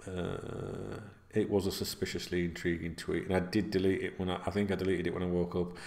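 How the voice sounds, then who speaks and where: A man's voice: sits low, little pitch movement, brisk, vocal fry, darkish tone. A middle-aged man, rambling casually in a sweary, filler-heavy way while seated at home. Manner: chatty, sweary, with many fillers. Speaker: football vlogger. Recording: roomy echo.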